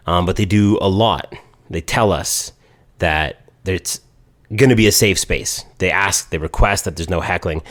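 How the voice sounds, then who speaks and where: Deep-voiced man telling a lively story. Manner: animated storyteller, quotes people in voices. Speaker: podcast co-host. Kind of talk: casual storytelling chat.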